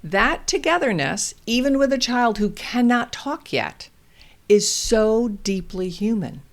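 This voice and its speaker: A woman hosting a parenting show, giving calm, deliberate instructional advice to parents. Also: on the high side. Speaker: parenting host.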